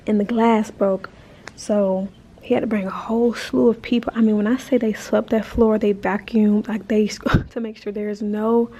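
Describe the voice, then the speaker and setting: A thirty-year-old travel vlogger talks casually to camera from a hotel in the desert, chatty and emotional with lots of fillers. Her mid-range voice is mellow and slightly rough.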